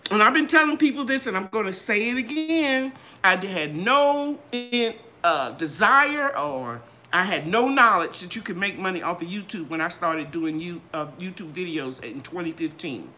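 An older woman hosting a gardening channel, chatting in a live Q and A with a lively, sing-song delivery. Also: moderate pace, few pauses, a little hiss or hum. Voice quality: bright, trained singer's voice. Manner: animated, sing-song ups and downs in pitch. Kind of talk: live Q and A chat.

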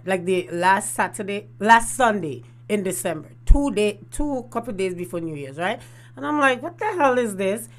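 A woman, hosting a casual storytelling vlog and laughing often. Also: medium pitch. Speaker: host.

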